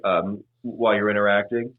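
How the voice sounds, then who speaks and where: A man's voice: lowish voice, fairly even intonation, a little fast. Man on a tinny phone-like line. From Los Angeles. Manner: rambling, many restarts and fillers. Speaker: podcast guest. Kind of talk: casual chat.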